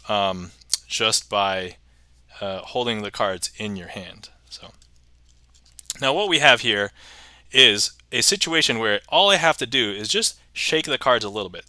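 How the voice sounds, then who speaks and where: A man's voice: medium pitch, sharp tone, dry recording. A man hosting a casual livestream magic show, chatting, reading viewer messages aloud and chuckling often.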